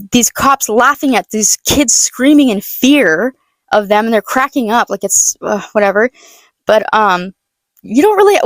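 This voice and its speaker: A woman's voice: fairly high pitch, no echo. A young woman giving a blunt, sarcastic, profane political rant in a casual vlog, stumbling and restarting often. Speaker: political vlogger. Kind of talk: casual ranting monologue.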